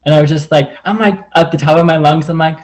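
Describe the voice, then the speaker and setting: A man's voice: on the high side, fairly even intonation, fast talker, darkish tone, rough recording. A man telling a personal story in a casual, rambling way, full of "like", over a video call. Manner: rambling, heavy use of "like". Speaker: group call participant.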